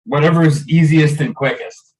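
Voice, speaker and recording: A man legislator on a video call, casting his votes with relaxed, brief replies. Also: on the high side, normal speed, husky, rough recording. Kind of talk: casual remote meeting talk.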